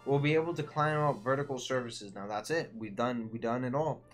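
A man's voice: medium pitch, fairly quick, faint music behind. A man giving casual, joking commentary while playing a video game, chatting slangily to the characters on screen. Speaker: gaming video creator. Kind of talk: casual let's-play commentary.

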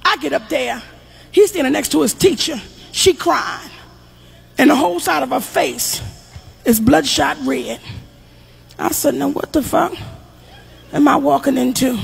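A woman's voice: high-pitched, moderate pace, creaky, pauses often. Brash, profane woman doing stand-up. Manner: loud, brash, profane storytelling with acted-out quotes. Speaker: stand-up comedian. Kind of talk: stand-up storytelling.

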